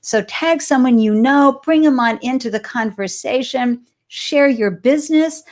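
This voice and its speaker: A woman's voice: sits high, unhurried, a little mellow. A woman from Boston hosting a live-stream interview show, bubbly and effusive as she welcomes viewers and her guest. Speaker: host.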